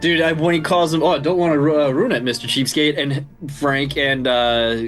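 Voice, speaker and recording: A man's voice: on the high side, fairly even intonation, normal speed, a bit bright, soft background music. A man co-hosting a casual film review podcast, ranting and swearing often, laughing between points. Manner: swears a lot, rants with laughter. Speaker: podcast co-host.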